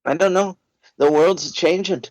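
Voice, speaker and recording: Easygoing guy co-hosting, slightly higher voice, rambles a bit, dry sound. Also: no echo, rough recording. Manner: easygoing, laughs often, halting. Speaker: podcast co-host. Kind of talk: casual comedy podcast banter.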